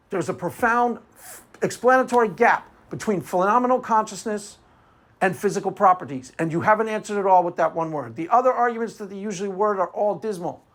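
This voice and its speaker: A man's voice: high-pitched, a bit bright. A man giving a combative, sarcastic monologue on philosophy, often asking himself "why?" before answering. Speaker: apologetics commentator. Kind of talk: argumentative monologue.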